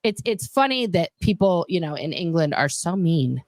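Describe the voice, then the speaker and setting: A woman's voice: on the low side, normal speed, no echo. Woman host from the US with a dry, close sound. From United States. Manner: animated, jokey, says "let's be honest". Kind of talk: casual chat.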